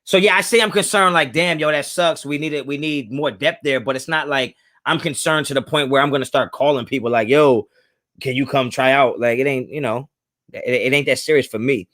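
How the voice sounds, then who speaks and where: Hosting a live stream, a young man casually works through viewer chat, slangy and at ease, laughing often as his pitch rises and falls. His delivery is fairly quick, with a bright and forceful tone.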